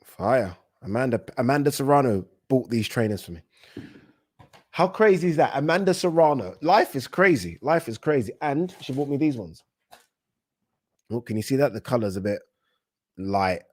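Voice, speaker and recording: A British man hosting a casual boxing livestream, chatting excitably, swearing casually and reading out viewer messages. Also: mid-range voice, moderate pace, pauses often, dry recording.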